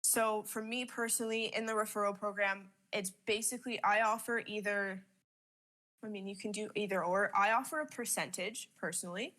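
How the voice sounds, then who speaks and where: Casual talk, young canadian woman, bright tone, blunt and chatty, curses freely. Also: mid-range voice, fairly even intonation, moderate pace. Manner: candid, swears freely, laughs often. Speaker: business owner sharing advice. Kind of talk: casual chat.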